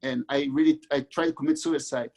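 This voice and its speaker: A middle-aged man from Mexico, a guest author, telling his own life story in an earnest, halting way with many restarts. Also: on the high side, fairly even intonation, a little mellow. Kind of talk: candid personal storytelling.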